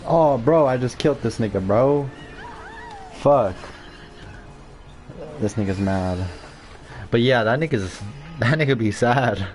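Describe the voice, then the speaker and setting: A man's voice: medium pitch, takes it slowly, pauses often, faint music behind. A young man chatting casually and profanely while playing a game. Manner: slangy, profane, relaxed commentary. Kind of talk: casual chat while gaming.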